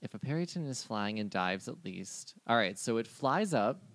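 A man's voice: fairly low pitch, very animated, fairly bright tone, dry recording. Laid-back man running a tabletop game. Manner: laid-back, laughs often, slows down to count dice. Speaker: game master.

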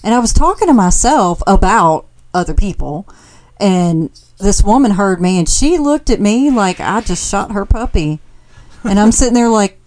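A woman's voice: medium pitch, animated, moderate pace, darkish tone. A woman with a Southern US accent, co-hosting a podcast, dry and blunt as she teases her co-host in casual chat. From American South.

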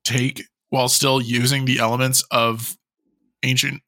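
A man with a bright, edgy tone chats about a film on a podcast, recorded dry and close. He is animated, drops casual swears, and tosses in fun facts. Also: medium pitch, a little slow, dry recording. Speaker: podcast co-host. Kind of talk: casual movie review chat.

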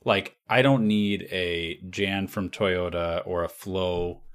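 A man's voice: low voice, fairly even intonation, slow pace, clear, resonant tone. A man hosting a podcast in casual chat, opinionated and rambling, with laughing asides. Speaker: podcast host.

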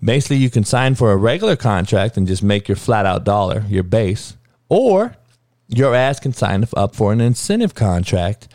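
A man rants about sports on his own show, swearing freely and wandering from point to point. His pitch swings widely as he gets worked up. The sound is dry and close, with no room echo. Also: sing-song, moderate pace, a little mellow. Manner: profane, heated, rambling, calls listeners dog. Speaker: podcast host. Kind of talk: casual sports rant.

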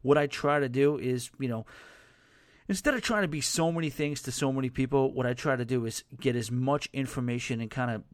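A man hosting a podcast in casual chat, with a softened New York accent, rambling and correcting himself as he answers listener emails. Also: medium pitch, brisk, dry recording, clean studio sound. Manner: rambling, self-correcting, conversational. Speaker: podcast host.

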